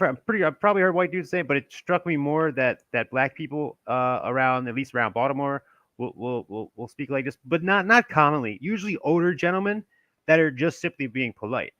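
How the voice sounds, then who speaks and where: Young Maryland man, casual rambling host, bright low-ish voice, dry close recording. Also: dry recording, highs cut off. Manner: rambling, many restarts and chuckles. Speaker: channel host. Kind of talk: casual commentary reading from an old text.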